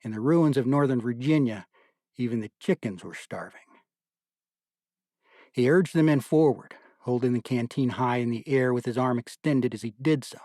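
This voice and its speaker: A man narrating an audiobook in a measured, deliberate storytelling manner. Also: medium pitch, dark tone, no echo, clean studio sound.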